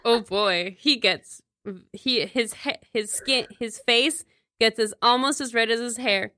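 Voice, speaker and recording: A woman narrating as game master of a tabletop game, hesitant with many fillers and quick to laugh. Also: fairly high pitch, bright, forceful tone, no echo, clean studio sound.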